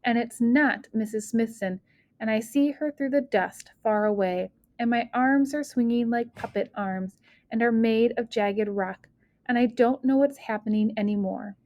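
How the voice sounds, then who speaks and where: A woman narrating a first-person audiobook in an expressive reading that speeds and slows with the story. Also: a little high, dry recording. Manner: expressive, shifting pace with the story.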